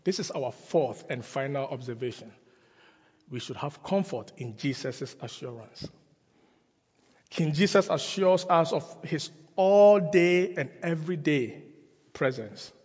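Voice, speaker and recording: Male pastor, emphatic sermon, husky tone, church hall with long reverb. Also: on the high side, animated, a little mellow, dull audio. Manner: slow, emphatic preaching with repeated phrases.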